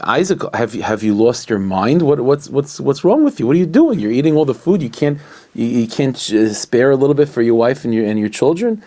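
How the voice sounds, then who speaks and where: A man's voice: mid-range voice, sing-song, brisk, mellow. A man voicing an upset wife who pleads with her husband at the dinner table. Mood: exasperated. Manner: exasperated, pleading. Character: upset wife, a mother of young children.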